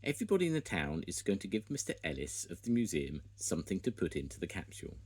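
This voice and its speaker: A man's voice: low-pitched, sing-song, quick pace, a little mellow, slightly rough, exaggerated voice. An older man reading a storybook aloud, voicing a helpful young woman builder who explains plans eagerly. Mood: explaining.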